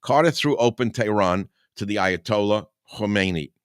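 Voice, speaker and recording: A man's voice: on the low side, lively intonation, normal speed, clean tone, no room sound, clean studio sound. Sarcastic older man reading his satire. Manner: combative, sarcastic, chuckles while reading. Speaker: radio talk host. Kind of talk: reading his own satire aloud with commentary.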